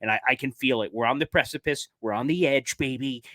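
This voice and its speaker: Excitable sports fan in a dry room. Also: male voice, medium pitch, fast, few pauses, no room sound. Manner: excitable, talks straight to viewers, says "baby" a lot. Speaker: sports commentator. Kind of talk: casual video commentary.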